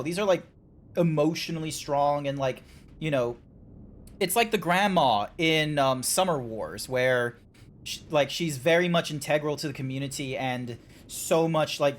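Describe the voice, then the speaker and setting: A man hosting a game stream, chatting casually in a rambling, animated way with quick restarts. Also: on the high side. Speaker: streamer and host.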